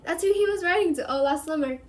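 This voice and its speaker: A shy, giggly young girl, as a woman reads her aloud, light and high, her words tumbling out a little nervously. She sounds playful and a bit anxious. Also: quick pace, a little mellow.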